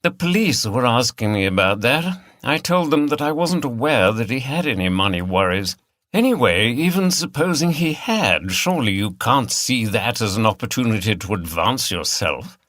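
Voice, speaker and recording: A man's voice: mid-range voice, big pitch swings, normal speed, fairly bright tone, no echo, clean studio sound. A man reading the part of an earnest, uneasy middle-aged banker.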